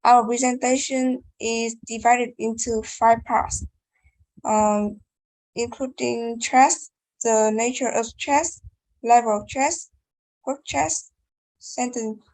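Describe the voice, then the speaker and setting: A woman's voice: a little high, fairly even intonation, takes it slowly, pauses often, darkish tone, dry recording, low-quality recording. A young woman giving a class presentation, reading carefully with hesitations and restarts. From Vietnam. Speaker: student presenter. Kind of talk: class presentation on word stress.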